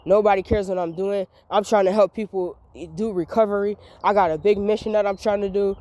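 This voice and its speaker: A woman's voice: medium pitch, fairly even intonation, brisk, mellow. A woman, venting in a rambling, repetitive, emphatic monologue recorded as a voice memo. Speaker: vlogger.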